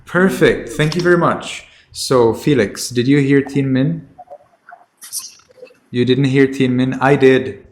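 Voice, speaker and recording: A man's voice: medium pitch, slow pace. Man, teacher, kids' online class, patient, repeats himself, video call audio. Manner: patient, repeats questions often.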